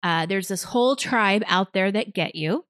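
A chatty woman hosts a podcast, upbeat and quick to laugh. She walks through her explanations step by step in a mid-range voice, relaxed and conversational. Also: mid-range voice. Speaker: podcast host. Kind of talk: casual podcast chat mixed with explanation.

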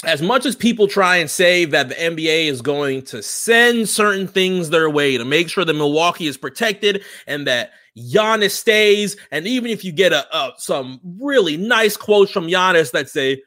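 A man co-hosting a casual basketball podcast, talking in a joking, animated way and putting on voices when he quotes people. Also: sits high, normal speed, few pauses. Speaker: podcast co-host. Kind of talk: casual sports chat.

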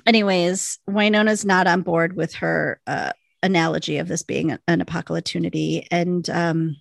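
A woman with a gravelly, fry-laden voice chats through a TV recap for a podcast. She keeps it loose, laughing often and filling her sentences with "like." The recording is dry and close, with no room sound. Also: lowish voice, fairly even intonation, normal speed, no room sound. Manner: chatty, laughs often, peppers speech with "like". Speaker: podcast co-host recapping a TV episode. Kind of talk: casual chat.

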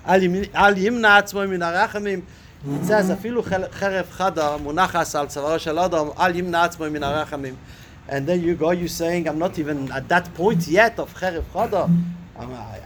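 Man, high-pitched voice, Talmud lesson, reads then explains, rhetorical questions, many fillers. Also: fairly bright tone, a little hiss or hum. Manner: thinking aloud with many fillers and restarts. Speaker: Torah teacher. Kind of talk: Talmud lesson, reading and translating a text.

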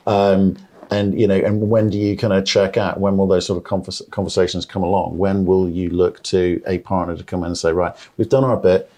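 Man, low-ish voice, interviewer, conversational interview, probing, pushy questions. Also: level tone, fairly quick, warm tone.

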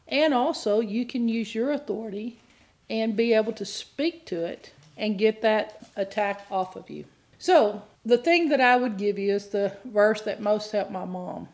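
A woman's voice: mid-range voice, a little mellow. A middle-aged woman giving an earnest teaching sermon on deliverance, at times rising into impassioned pleading. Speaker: deliverance minister.

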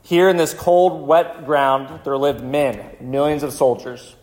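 A male pastor telling a vivid story in a sermon, slowing down for dramatic moments. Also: mid-range voice, steady tone, darkish tone, slight background noise. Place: church.

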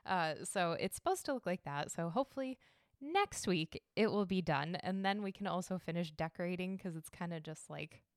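A young woman hosts her podcast from home in a loose, chatty way, laughing at herself and cursing now and then. Her voice sits a little low and comes through smooth. The recording is dry and close. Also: lively intonation, normal speed, no echo. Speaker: podcast host. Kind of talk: casual chat. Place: home decorated for holidays.

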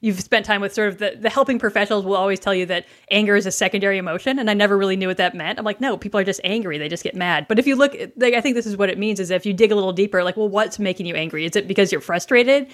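A woman on a podcast talks fast in casual conversation. She explains her ideas and keeps asking rhetorical questions. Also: medium pitch. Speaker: podcast guest, leadership educator.

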